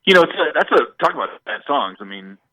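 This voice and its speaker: A man's voice: a little high, big pitch swings, fast, crowd noise, low-quality recording. A man, a musician guest, telling stories in a rambling stream-of-consciousness way during a radio interview.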